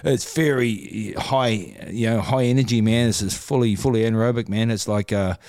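A man's voice: lowish voice, normal speed, darkish tone, no room sound, clean studio sound. A man with a New Zealand accent, a guest on a podcast, telling stories in a laid-back, casual way, swearing freely and laughing as he goes. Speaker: podcast guest, former boxer. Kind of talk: casual interview storytelling.

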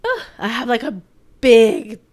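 Chatty young woman, smooth higher voice. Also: measured pace, no room sound. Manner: chatty, rambling, many fillers; holding back tears. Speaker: vlogger. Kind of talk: casual personal vlog.

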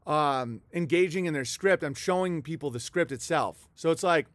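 High-voiced man ranting heatedly. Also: normal speed, fairly bright tone, no room sound. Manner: heated, profane, mocking. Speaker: political commentator. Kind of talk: ranting political monologue.

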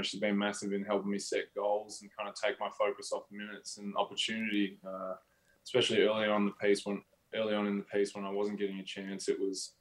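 A man's voice: fairly low pitch, rough recording. An Australian man as an interview guest, talking casually and rambling with lots of fillers. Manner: rambling, full of "you know" fillers.

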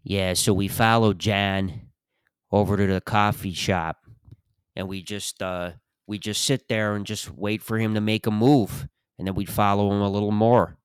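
A plodding retired Chicago cop in his later years, droning on in a thick Chicago accent, as a man puts him on. The voice is low and slow, and the sound is dry and close. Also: steady tone, smooth, no echo, close to an everyday voice. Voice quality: slow, dull droning delivery. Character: older male retired Chicago detective, plodding.

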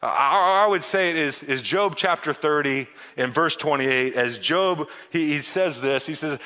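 A pastor preaching a sermon in a lively, casual way, acting out biblical dialogue and often stumbling into restarts. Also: male voice, a little high, measured pace, few pauses, in a large hall. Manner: animated, acts out biblical dialogue with casual asides; frequent stammered restarts.

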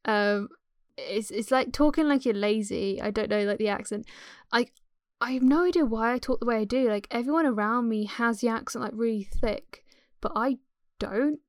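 A woman's voice: a little high, moderate pace, no echo, clean studio sound. Hesitant young Englishwoman, light accent. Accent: English, softened West Midlands. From England. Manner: hesitant, many likes and trailing sentences. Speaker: guest, aspiring performer. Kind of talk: casual chat.

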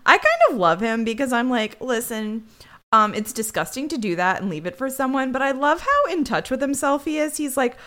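A woman's voice: sits high, animated, a little fast, fairly bright tone. A woman co-hosting a podcast in casual chat, chatty and playfully ironic. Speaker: podcast co-host.

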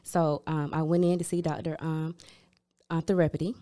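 A woman's voice: deep voice, level tone, normal speed, warm tone. A woman, a guest telling her story candidly and upbeat, with many fillers. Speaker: guest, cancer survivor. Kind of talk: casual interview chat.

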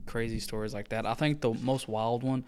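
A man's voice: mid-range voice, steady tone, moderate pace, a little mellow, faint music behind. Laid-back man chatting on a podcast. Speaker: podcast co-host. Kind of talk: casual chat. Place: small home studio.

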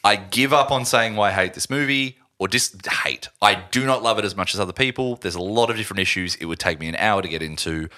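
A man's voice: lowish voice, fast, few pauses, bright, forceful tone. A man co-hosting a casual film podcast, blunt and opinionated, often breaking into laughter. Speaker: podcast co-host. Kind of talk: casual film review chat.

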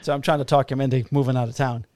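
A man's voice: medium pitch, flat delivery, very fast, darkish tone. A man who works as a police officer, telling work stories in a casual chat, profane and blunt, laughing at his own tales.

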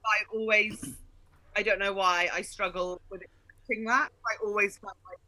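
A woman comedian guesting on a podcast, telling childhood stories with lively acted-out outbursts. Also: medium pitch, normal speed, low-quality recording. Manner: animated storyteller, acts out childhood outbursts.

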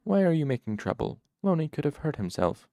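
A man voicing a gentle, patient male caretaker of sick children, speaking in a soft, soothing murmur. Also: on the high side, very animated, a little fast, no echo, clean studio sound, voice pushed up.

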